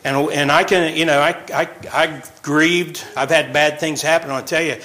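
Bright-voiced joking preacher man. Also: on the high side, steady tone, rough recording. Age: over 40. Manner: chatty, joking, quick laughs between points. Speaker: pastor. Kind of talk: informal sermon with jokes.

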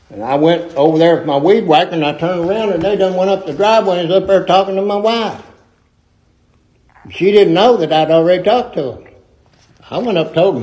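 A man's voice: on the high side, lively intonation, a little fast, a little mellow, rough recording. A middle-aged man preaching a sermon in a folksy, emphatic way with rustic grammar.

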